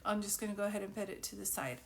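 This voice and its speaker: A woman's voice: medium pitch, racing, vocal fry. A woman doing a psychic reading live, rambling and thinking aloud, often breaking into giggles, talking into a phone. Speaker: psychic medium. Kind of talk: live reading, casual chat.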